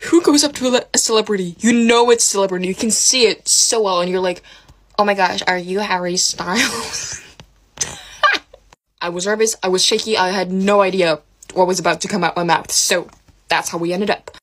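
A young woman excitedly telling a storytime about meeting someone, rambling with lots of "like". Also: medium pitch, a little fast, a little hiss or hum. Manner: giddy, rambling, heavy use of "like". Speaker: vlogger.

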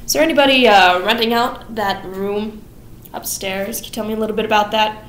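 A woman's voice: mid-range voice, fairly even intonation, brisk, fairly bright tone, reverberant, a little hiss or hum, close to an everyday voice, low-quality recording. A young woman voicing a bitter, brooding old man who talks in a curt, dismissive way.

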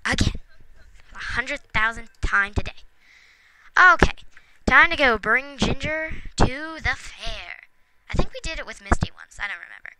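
A chatty woman with a slightly high voice talks her way through a video game, coaxing the characters as she goes. Steady background noise and clicking run under her voice. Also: unhurried. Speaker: let's play gamer. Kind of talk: casual gameplay commentary.

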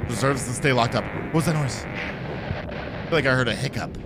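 A man's voice: mid-range voice, normal speed, creaky, heavy background noise. A man giving nervous, joking commentary while playing a horror game, jumpy and easily startled. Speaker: gaming streamer.

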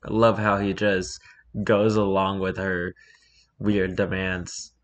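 A man with a fairly low voice reads a fan story aloud for comedy. He speaks slowly and drops exasperated, sarcastic asides between the lines. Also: level tone. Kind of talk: comedic reading with commentary.

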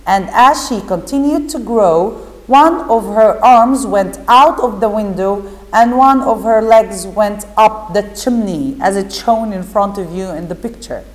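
Woman, teacher, slow careful read-aloud, explaining, echoey reverb. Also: medium pitch. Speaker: English teacher. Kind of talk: reading a storybook aloud to a class.

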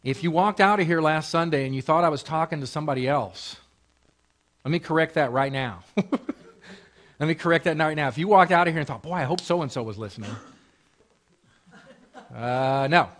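A man's voice: fairly high pitch, fairly quick, a bit bright. A married man preaching as pastor in a conversational way, repeating phrases and asking rhetorical questions. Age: adult, married. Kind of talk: sermon in a Bible class.

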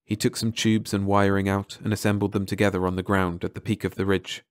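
A man narrating an audiobook in calm, measured scripted narration. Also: deep voice, clear, resonant tone, no room sound, studio quality.

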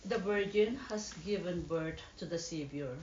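A reader giving prayer antiphons in a slow, steady way. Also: mid-range voice, slight background noise. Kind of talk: liturgical recitation. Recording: echoey, dull room sound.

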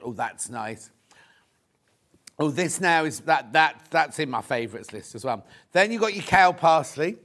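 Guy hosting a live sewing shop show, gushes and thinks out loud, voice sits a bit high. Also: expressive, moderate pace. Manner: chatty, effusive, thinking aloud. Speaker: shopping channel presenter. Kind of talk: live product demonstration.

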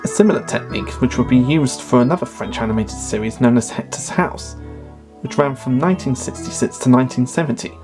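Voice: mid-range voice, brisk. A narrator from England, giving an earnest, informal fan review in documentary style. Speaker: cartoon reviewer. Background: music.

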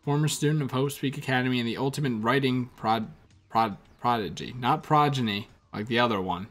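A man's voice: medium pitch, a little fast, a bit bright, soft background music. A man doing casual gameplay commentary, reading menu text aloud with wry asides. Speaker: let's play gamer.

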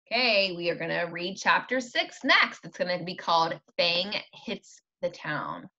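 A woman teacher reads a children's chapter book aloud, her pitch lively and expressive. The voice is bright and sharp, heard through a dull, lo-fi recording. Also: measured pace. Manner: expressive storytelling.

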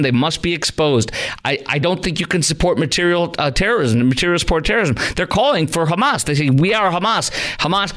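A man's voice: on the high side, a bit bright. A middle-aged man from Chicago hosting a call-in talk radio show, indignant and full of rhetorical questions.

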